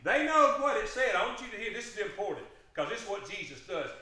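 A preacher delivers an impassioned sermon in a high, bright voice. His pitch swings widely as he presses his congregation with emphatic questions. The sound rings through an echoey church sanctuary. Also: expressive, fast.

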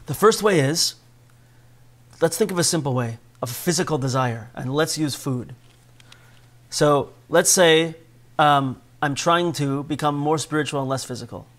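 Man, higher-pitched voice, Torah class teacher, conversational lecture, asks listeners questions, shifts from calm to urgent. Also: a little slow. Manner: frequent tag questions to listeners; swings between calm low delivery and raised, urgent passages.

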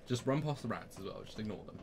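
A man's voice: fairly low pitch, fast talker. A man giving casual, joking commentary on a game playthrough, often singing snatches of songs and swearing. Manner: animated, sings snatches of songs, swears and jokes. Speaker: co-host watching a game playthrough. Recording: noisy home recording.

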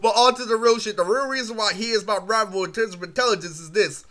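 A man's voice: high-pitched, fast talker, pushed and bright. A young man telling a rambling, profane story in a casual vlog, full of fillers. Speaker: vlogger.

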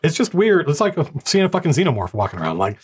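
A man's voice: on the high side, very animated, quick pace, slightly rough. A middle-aged man narrating a tabletop game as game master, talking in a casual, rambling way with many restarts.

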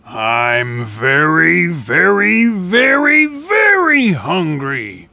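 A storybook reader voicing a big, hungry male giant who roars slowly for his lunch. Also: mid-range voice, wildly swooping pitch, gravelly, sharp tone, dry recording, pitched above the performer's own voice, exaggerated voice. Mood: hungry, demanding. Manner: slow, drawn-out roaring.

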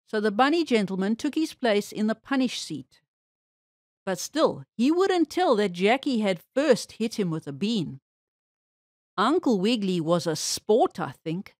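Woman storyteller, children's read-aloud, expressive, dry close recording. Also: medium pitch, measured pace, no room sound.

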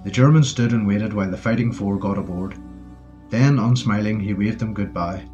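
A man narrates a wartime story in a steady, low voice. The recording is dull and muffled, with faint music playing behind him. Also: normal speed. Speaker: audiobook narrator. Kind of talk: scripted narration.

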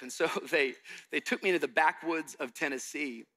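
Bright-voiced pastor telling a story. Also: male voice, on the high side, fairly quick. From Miami. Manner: animated storytelling, acts out dialogue. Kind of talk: sermon.

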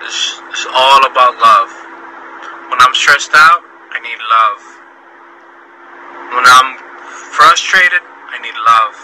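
A man's voice: medium pitch, slow pace, pauses often, sharp tone, a little hiss or hum, rough recording. A tired young man chatting to fans on a phone livestream while driving, effusive and repeating himself, mixing English and Spanish. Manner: switches between English and Spanish mid-sentence. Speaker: livestreaming artist. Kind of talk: casual livestream talk to fans.

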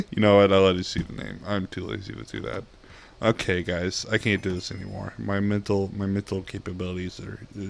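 A man's voice: deep voice, creaky, a little hiss or hum. A young man giving casual gameplay commentary, giggling and swearing at himself. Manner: giggly, self-mocking, swears often. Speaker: gaming YouTuber.

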